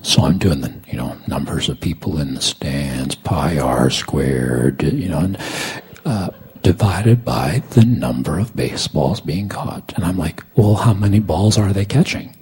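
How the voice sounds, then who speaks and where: A middle-aged man preaching a sermon as a story. He tells it dramatically, swinging from loud lines to hushed whispers. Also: extremely low pitch, expressive, a little slow. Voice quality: gravelly, raspy.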